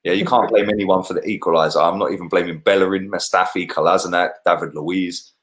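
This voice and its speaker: Animated slangy man, low voice. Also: fast. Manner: animated, slangy, swears freely. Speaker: football podcast co-host. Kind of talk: casual football chat.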